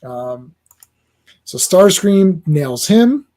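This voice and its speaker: A man with a fairly high but mellow voice, hosting a loose, casual conversation. He talks animatedly, leans on fillers, and keeps slipping into little acted-out bits of the characters. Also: very animated, very slow. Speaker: host. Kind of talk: casual chat.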